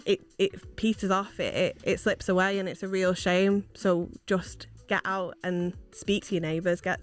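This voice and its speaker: A woman's voice: lowish voice, level tone, moderate pace, soft background music. A woman guest from a housing association giving earnest, encouraging advice in a radio interview. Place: radio studio.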